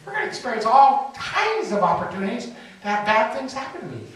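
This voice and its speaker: A man's voice: very high-pitched, sing-song, brisk, a bit bright. A man giving a folksy inspirational talk at a spiritual center, telling a story and asking the audience questions. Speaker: spiritual speaker. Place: large hall at a spiritual center. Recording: echoey hall, distant mic, faint hiss.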